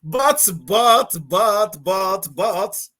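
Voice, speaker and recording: Man, Antiguan accent, fairly high voice, chatty, repeats himself, laughs a lot. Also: lively intonation, very slow, pushed and bright. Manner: storytelling, repeats words, laughs often. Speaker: guest. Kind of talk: casual chat.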